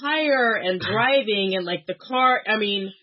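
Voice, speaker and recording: A woman's voice: mid-range voice, measured pace, highs cut off. A woman co-hosting a podcast, telling her side of a travel story in casual chat. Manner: chatty, adds details, laughs. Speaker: podcast co-host.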